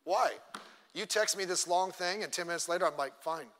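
Long reverb from a church hall surrounds a middle-aged man, a pastor, who teaches a class in a chatty, self-deprecating manner and acts out little quotes. His voice sits high and a bit bright, he speaks briskly, and there's a little hiss or hum.

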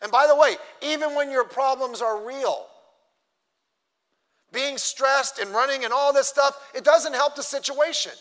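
A man preaching a sermon as pastor, emphatic, swinging between loud and soft. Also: extremely high pitch, a little slow. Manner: emphatic preaching, rising and dropping in loudness. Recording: long hall reverb.

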